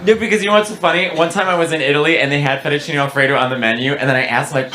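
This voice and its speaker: A man performing a stand-up comedy set, animated and teasing the audience. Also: on the high side, racing. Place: comedy stage before live audience. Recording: live show with crowd laughter.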